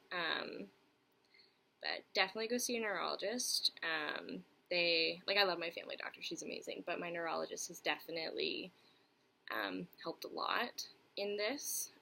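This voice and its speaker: A woman's voice: fairly low pitch, creaky, pushed and bright, poor audio. A young woman chatting candidly to camera, answering viewer questions with lots of fillers and restarts. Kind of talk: casual chat to camera.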